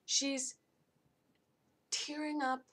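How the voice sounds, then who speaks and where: A woman's voice: high-pitched, level tone, extremely slow, a bit bright. Blunt young woman. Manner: blunt, exasperated, rambling with restarts. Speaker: book reviewer. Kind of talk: casual spoken review.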